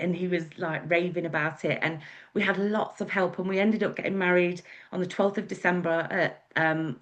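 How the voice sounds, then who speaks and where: A woman's voice: fairly low pitch, a bit bright. A woman with an English accent, telling her life story as a guest speaker in a chatty, meandering way with many fillers. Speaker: guest speaker, wedding celebrant. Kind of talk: casual storytelling talk.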